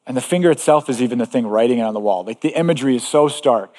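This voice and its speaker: A man's voice: medium pitch, very fast, darkish tone, long reverb tail. A man preaching a sermon as pastor, earnest and emphatic, repeating key phrases.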